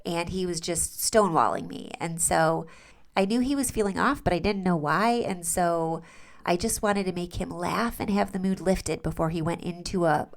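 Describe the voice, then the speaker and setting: With a lowish, creaky voice, a podcast host in her forties talks enthusiastically and casually about family life. She also reads out a sponsor message.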